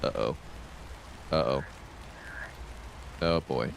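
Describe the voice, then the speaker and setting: A man streaming a story game, casually reading the dialogue aloud and adding quick comments in his own voice. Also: deep voice, slight background noise. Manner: lively, reads game lines in his own voice with quick asides.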